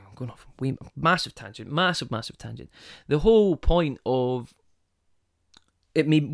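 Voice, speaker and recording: A mid-range male voice, clean and free of echo in the studio, belongs to a podcast host going it alone. He rambles casually, wanders down side paths, and keeps asking his audience rhetorical questions.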